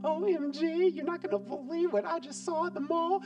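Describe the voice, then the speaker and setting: A man's voice: very high voice, normal speed, highs cut off, pitched above the performer's own voice. A man doing a gushing girlfriend bestie. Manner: breathless, gushing. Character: gossipy excited young woman best friend. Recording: distant mic with background music.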